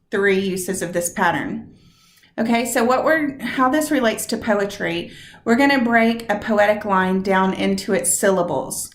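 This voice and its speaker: A woman teaching a recorded video lesson to her high school English class, talking straight to the students and drawing out her spoken examples. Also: roomy sound. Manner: chatty, direct address to students, drawn-out examples. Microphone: computer mic.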